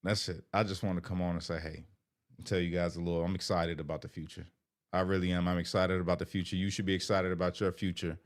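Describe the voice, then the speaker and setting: A middle-aged man with a low voice speaks earnestly to his viewers in a loose, rambling vlog. He gets emotional as he talks and keeps saying "you know". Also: flat delivery, fast. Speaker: vlogger. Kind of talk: heartfelt casual talk to viewers.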